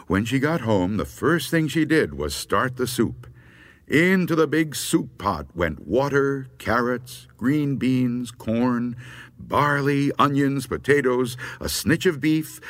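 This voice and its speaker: A man reading a spooky folk story aloud with unhurried, expressive delivery. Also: medium pitch, no room sound.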